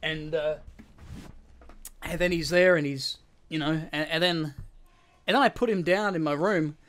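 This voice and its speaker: Bright-voiced Australian man telling a rambling story. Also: a little high, a little slow. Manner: rambling, repeats words, swears casually. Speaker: podcast co-host. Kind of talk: casual chat, telling a story.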